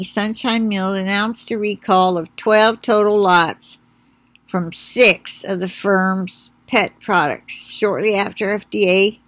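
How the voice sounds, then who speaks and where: A woman's voice: mid-range voice, fairly bright tone, no echo. A woman in a casual home vlog, chatting and then reading a long recall list aloud. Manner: chatty, talks to her dog, reads slowly.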